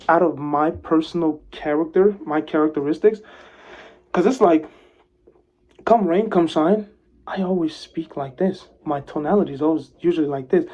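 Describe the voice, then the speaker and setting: A man talks to camera in a mellow, dark voice, one moment loud and animated, the next soft and hushed. He moves toward and away from the camera as he speaks. The camera audio is slightly dull and lo-fi. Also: a little high. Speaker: vlogger giving advice. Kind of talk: motivational talk to camera. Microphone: camera mic, speaker moving closer and farther.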